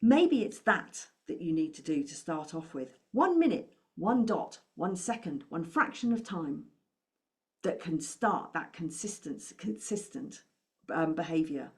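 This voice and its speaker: Encouraging money coach. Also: female voice, low voice, big pitch swings, a little slow. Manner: encouraging, asks the listener many questions. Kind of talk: motivational talk to camera.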